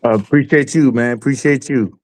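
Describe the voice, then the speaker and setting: A man casually telling a riding story, laid back and warm. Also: medium pitch, a little fast. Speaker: guest rider. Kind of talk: casual chat.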